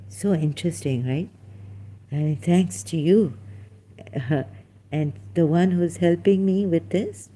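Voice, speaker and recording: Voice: medium pitch, dark tone, slightly rough. A livestream host effusively thanking a viewer, repeating the thanks, laughing often and slipping into Hindi phrases.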